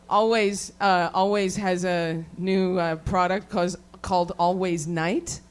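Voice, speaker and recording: A woman's voice: lowish voice, fairly even intonation, takes it slowly, pauses often, smooth. A woman works through a crude stand-up set, cursing nearly every line. She rambles off track and breaks into laughter at her own jokes. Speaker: stand-up comedian. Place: comedy show venue with live audience.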